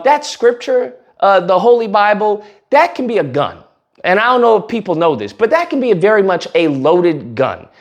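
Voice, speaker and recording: A man hosting casual political commentary, blunt and sarcastic, rambling in his delivery. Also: high-pitched.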